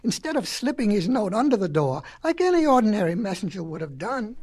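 A woman's voice: mid-range voice, big pitch swings, fairly quick, a little mellow. Woman reading a folksy storybook. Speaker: narrator.

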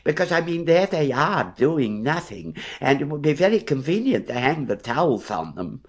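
A man's voice: a little high, big pitch swings, normal speed, voice pushed up. A man doing a prim, bossy storybook rabbit. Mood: chatty. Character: fussy, stern male rabbit, house-proud and bossy. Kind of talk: storybook reading.

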